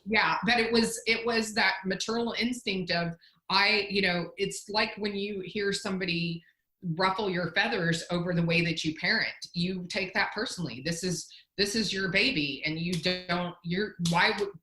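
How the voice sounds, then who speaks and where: A woman's voice: mid-range voice, normal speed, sharp tone, reverberant, poor audio. A woman, a company founder, telling a candid, self-deprecating story in a casual interview, often restarting her sentences.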